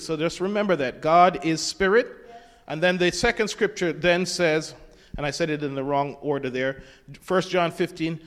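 A man with a fairly high voice delivers a sermon at a moderate pace, quoting the King James wording of scripture and putting questions to the congregation. Long hall reverb is audible throughout.

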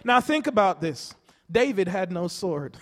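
Male preacher with a very high voice, rousing and emphatic, in a reverberant church. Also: very animated, measured pace. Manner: rousing, repetitive call-and-response preaching. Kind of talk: sermon.

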